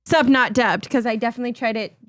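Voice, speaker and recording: Woman podcast cohost, high voice, teasing flirty banter, dry close sound. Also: fairly even intonation, fast talker, no echo. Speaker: podcast co-host. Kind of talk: casual chat.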